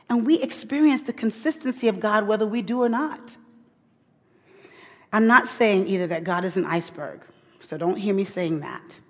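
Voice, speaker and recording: A woman delivers a sermon with emphatic repetition, dropping from loud, pointed questions to near-whispered asides. Her voice is a little husky. A long reverb from a large hall trails each phrase. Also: mid-range voice, moderate pace. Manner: emphatic, repeats key phrases, swings from loud to hushed. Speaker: women's Bible teacher.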